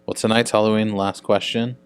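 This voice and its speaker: A man with a low-pitched voice conducting a film festival interview. He puts his questions in an upbeat way, rising in pitch as he asks. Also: level tone, fairly quick, clean tone.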